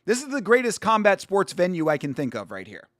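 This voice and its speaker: Young dude streaming a fight watch-along, high voice, hyped and slangy, lots of cussing. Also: male voice, a little fast, no echo, studio quality. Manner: excitable, slangy, swears, laughs often. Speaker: stream host. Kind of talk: casual live watch-along commentary.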